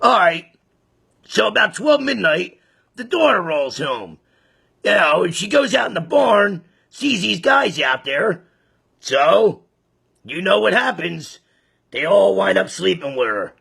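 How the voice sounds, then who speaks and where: A man tells a crude joke in a rambling, casual way, with a high, very gravelly voice. His tone is bright and tense, with a raspy, rough edge. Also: big pitch swings, a little slow. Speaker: joke teller. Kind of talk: casual storytelling.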